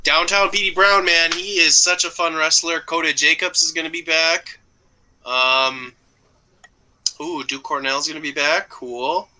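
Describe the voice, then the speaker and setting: Slow, bright-voiced man in casual chat. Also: fairly high pitch, steady tone, rough recording. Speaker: podcast co-host.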